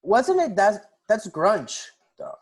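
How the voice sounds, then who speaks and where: A man's voice: high-pitched, wildly swooping pitch, takes it slowly, breathy edge. A young man co-hosting a podcast in casual chat, laid-back and teasing. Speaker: podcast co-host.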